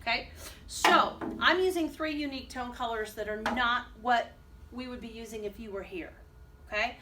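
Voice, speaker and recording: Chanting rhythm syllables and cheering on her young students, a woman music teacher speaks at a moderate pace in a voice on the high side. It's picked up by a distant mic with faint noise in the background.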